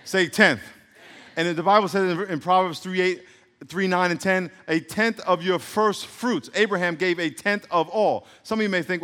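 Man, middle-aged pastor, sermon, call-and-response, joking asides, a bit high-pitched, church hall reverb. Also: steady tone, moderate pace, fairly bright tone. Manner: joking, rambling asides, laughs at himself. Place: church sanctuary.

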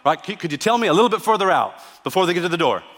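A man preaching a sermon as pastor, telling stories with humor and moving between hushed reflection and emphatic declarations. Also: high voice, sing-song, rapid-fire. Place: church sanctuary. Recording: church sanctuary with long reverb.

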